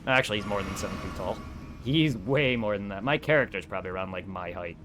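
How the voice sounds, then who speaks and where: A young man streaming a game, chatting casually in a rambling, excitable way and swearing a lot. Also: lowish voice, fast, background noise. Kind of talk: casual gameplay commentary.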